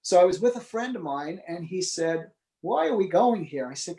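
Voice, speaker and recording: Male interview guest, slightly high voice, lively storyteller who acts out the people he quotes. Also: moderate pace, vocal fry, poor audio. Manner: animated, acts out quoted dialogue. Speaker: psychic medium guest.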